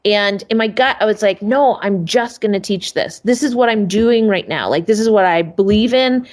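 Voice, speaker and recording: Woman telling a lively self-mocking story. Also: moderate pace. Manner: lively, self-mocking, acts out quoted voices with high pitch jumps. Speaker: podcast guest, family photographer. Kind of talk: casual storytelling in an interview.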